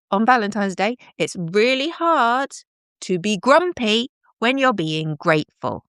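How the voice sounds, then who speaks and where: A woman's voice: mid-range voice, a bit bright, no echo, studio quality. A middle-aged woman, chatting in a bubbly, self-deprecating way to commenters on her live stream. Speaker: livestream host.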